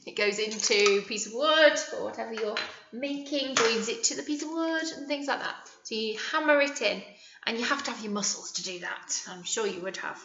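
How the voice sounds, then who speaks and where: A woman teacher with a British accent leading a young children's phonics lesson, modelling words slowly and encouragingly. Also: on the high side, very noisy. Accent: British English. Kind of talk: early years phonics lesson. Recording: echoey room, dull lo-fi sound.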